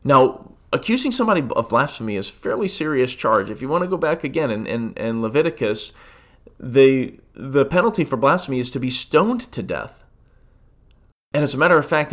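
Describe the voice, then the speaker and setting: A man's voice: mid-range voice, a bit bright. Conversational male pastor teaching scripture. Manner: conversational, restarts often, asks rhetorical questions. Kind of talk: podcast Bible study teaching.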